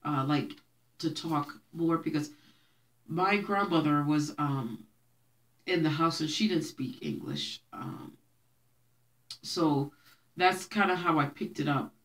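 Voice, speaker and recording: Her voice sits low, and she moves at a slow pace with long pauses. A young woman raised in Brooklyn in a Haitian, Creole-speaking home, she tells her viewers childhood stories casually, chatting and often laughing.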